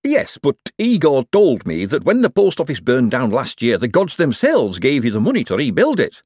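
A man putting on a jittery, high-voiced young bank clerk. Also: huge pitch swings, normal speed, darkish tone, slightly rough, dry recording, clean studio sound. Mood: fretful. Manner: anxious, high and quavering.

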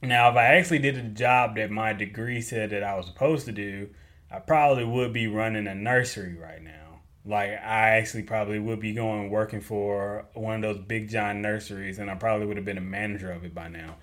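A young man hosting a casual question-and-answer show, talking in a relaxed, rambling way and repeating points as he goes. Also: on the low side, fairly quick. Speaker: host answering listener questions. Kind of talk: casual Q&A podcast talk.

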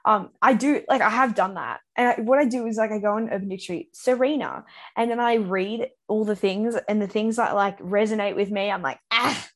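A woman's voice: medium pitch, a little fast. A young woman co-hosting a podcast in casual, rambling, self-mocking chat. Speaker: podcast co-host.

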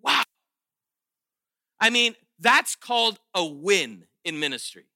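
High bright voiced guy preaching, lively and sarcastic, stumbles and restarts a lot. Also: slow pace, creaky, no echo, clean studio sound. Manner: animated, sarcastic acting-out of quotes, frequent restarts. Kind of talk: sermon. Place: chapel or auditorium.

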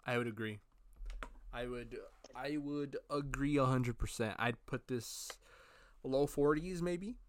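Laid-back guy cohosting a podcast, easygoing, mid-pitched voice, dry mic. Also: measured pace, no echo. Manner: relaxed, agreeable, says "alrighty" a lot. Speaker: podcast co-host. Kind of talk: casual chat.

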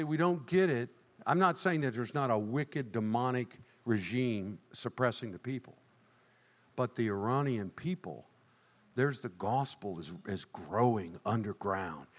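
An older man preaching a sermon as pastor, swinging from low, quiet remarks to high, shouted lines. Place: church sanctuary. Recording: church hall reverb.

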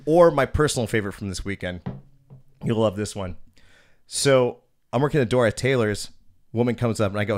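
A young man with a lowish voice tells stories in a casual chat, cursing freely. He acts out both sides of his conversations. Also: fairly quick, long pauses. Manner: profane, animated storyteller. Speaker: podcast host.

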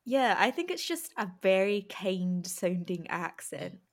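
A woman hosting a relaxed podcast chat at a middle pitch. She talks in a friendly, quick way and laughs easily. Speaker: podcast host. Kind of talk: casual podcast interview.

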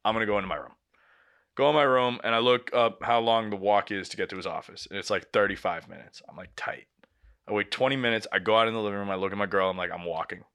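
A young man hosting a podcast, telling a story casually, animated and swearing, acting out the dialogue. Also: on the low side, fast, hardly any pauses, smooth. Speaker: podcast host.

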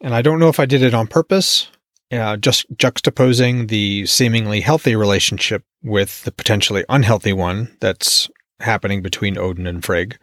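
A man's voice: fairly low pitch, moderate pace, fairly bright tone, dry recording, clean studio sound. A man hosting a podcast, casually commenting on his own novel in a musing, wry, self-deprecating way. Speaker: podcast host and author.

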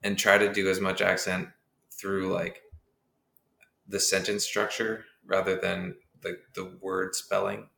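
Deep gravelly man, roomy sound. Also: little pitch movement, measured pace, bright, forceful tone. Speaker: podcast co-host, author. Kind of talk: casual chat about writing. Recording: roomy with faint background noise.

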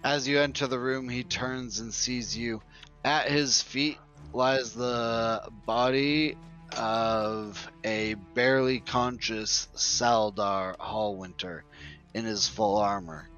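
Slow, easygoing male dungeon master. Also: medium pitch, dull audio, faint music behind. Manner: relaxed, unhurried storytelling with offhand rulings. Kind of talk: narrating a tabletop game.

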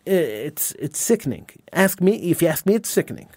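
High-voiced, indignant talk radio host. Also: male voice, sing-song, a little fast, darkish tone, breathy edge, no echo. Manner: emphatic, indignant, repeats words and phrases.

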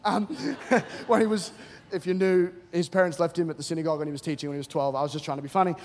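Here the same kind of guest pastor, a middle-aged Australian, talks fairly high and quick as he delivers a funny sermon full of stories. He acts out each character's voice with plenty of energy, animated and joking throughout. A live congregation fills the church auditorium, and the big hall adds a long reverb.

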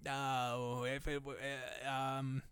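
Smooth, dry-voiced man co-hosting a podcast. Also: mid-range voice, completely flat delivery, slow, fairly bright tone, no room sound. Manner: playful, riffs into jokey bits. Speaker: podcast co-host. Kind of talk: casual chat.

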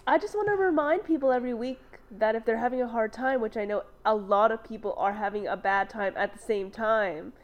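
A woman's voice: a little high, fairly quick, hardly any pauses, lo-fi sound. A woman co-hosting a podcast in casual chat, rambling and giggling, with lots of "like" fillers. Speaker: podcast co-host.

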